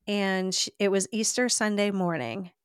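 A woman's voice: mid-range voice, moderate pace, clean tone, no room sound, studio quality. A woman as a podcast guest, telling a personal faith testimony in an earnest, heartfelt way, often saying "like". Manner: earnest, heartfelt storytelling with frequent "like".

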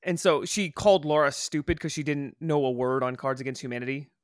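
A man's voice: a little high, brisk, dry recording. Man, podcast co-host, casual storytelling, lots of swearing, dry close sound. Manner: profane, animated storytelling. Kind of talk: casual chat.

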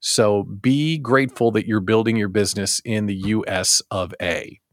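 A man hosting a daily live show for small business owners, talking in a jokey, animated way with self-deprecating asides. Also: lowish voice, normal speed, dry recording, clean studio sound. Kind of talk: casual live-show monologue.

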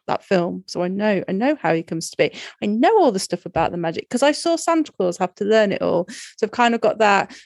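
A woman from England co-hosting a relaxed chat, talking in long, fond, meandering runs and laughing often. Her voice sits in an ordinary middle register. It is recorded close and dry, with no room sound. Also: medium pitch, no echo. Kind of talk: casual chat.

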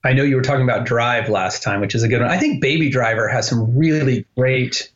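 A man being interviewed, telling lively anecdotes with enthusiasm. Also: medium pitch, fairly quick, muffled recording. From United States. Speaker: guest, animator. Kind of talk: podcast interview.

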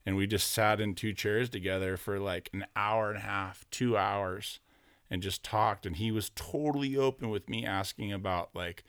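A man's voice: lowish voice, fairly bright tone, clean tone, no room sound, clean studio sound. A man, a guest on a podcast, telling long casual stories in a rambling way with many restarts and "you know"s. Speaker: podcast guest, former concert security. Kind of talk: casual storytelling.

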